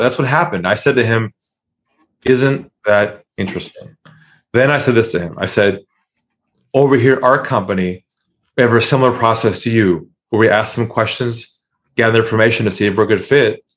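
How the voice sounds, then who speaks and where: A man, a sales trainer being interviewed, telling stories and acting out phone calls in lively voices. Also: fairly low pitch. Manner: animated, acts out calls in excited voices. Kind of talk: storytelling interview.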